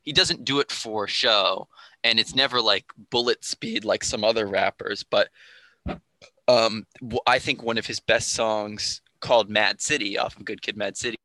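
A man's voice: on the low side, steady tone, normal speed, pushed and bright, no room sound, poor audio. A man in a casual podcast conversation, explaining rap to the host in a thoughtful way. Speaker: guest explaining rap music.

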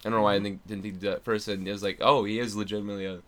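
A young man, an actor and impressionist, telling a story in casual chat, animated, with many fillers and restarts. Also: lowish voice, racing.

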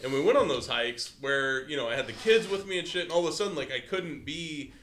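A man's voice: on the high side, lively intonation, quick pace, fairly bright tone. A man chatting casually on a podcast, swearing constantly as he tells stories. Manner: profane, heavy swearing. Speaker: podcast co-host, veteran. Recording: echoey room with faint noise.

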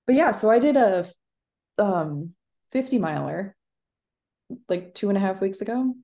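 A woman in her thirties, co-hosting a podcast, telling an animated story in casual chat with plenty of fillers. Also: mid-range voice, unhurried. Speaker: podcast co-host.

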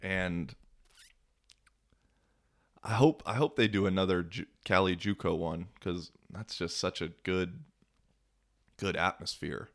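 A young man talking on his own podcast in a relaxed, rambling way. He uses lots of slang and filler words, and his voice sits a little low. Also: takes it slowly, long pauses. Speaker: podcast host. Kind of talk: casual storytelling monologue.

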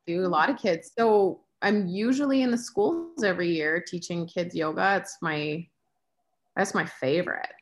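A woman in her late thirties talks casually about her life, candid and story-driven. Her voice sits fairly low, and she acts out her own thoughts and quotes as she tells them. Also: normal speed. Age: 30s. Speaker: yoga teacher. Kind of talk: casual conversation.

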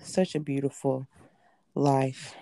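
A woman's voice: rumbling low, level tone, takes it slowly, mellow, no room sound. A woman co-hosting a casual recap podcast, adding dry quips and short agreements. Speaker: podcast co-host. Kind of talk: casual anime recap chat.

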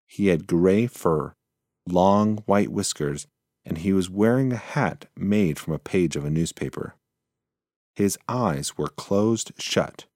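A man narrating a children's storybook in a slow, measured reading. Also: low voice, darkish tone, dry recording, clean studio sound.

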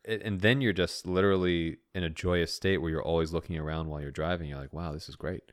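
A man's voice: sits low, fairly even intonation, fast, clear, resonant tone, dry recording, studio quality. A man co-hosting a podcast in casual chat. He laughs often and acts out the voices in his own head. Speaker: podcast co-host.

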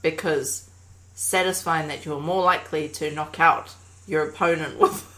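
A woman's voice: sits low, fairly even intonation, measured pace, bright, forceful tone, poor audio. A woman chatting casually and playfully with friends, laughing often and trailing off mid-sentence. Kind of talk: casual chat.

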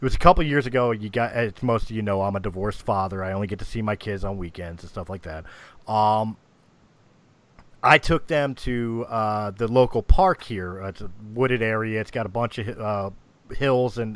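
A man's voice: fairly low pitch, moderate pace. Rambling, swearing man telling stories. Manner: rambling storyteller, swears freely, many restarts. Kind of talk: casual chat.

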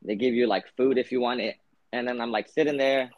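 A man's voice: medium pitch, steady tone, a little fast. A young man hosting a podcast, telling a long story in a rambling, profane way, full of fillers. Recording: dull lo-fi podcast audio.

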